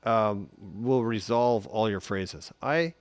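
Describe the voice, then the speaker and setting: A man giving a relaxed, chatty guitar lesson on a live stream, humming note sounds as he explains. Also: lowish voice, takes it slowly, dry recording. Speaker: guitar teacher.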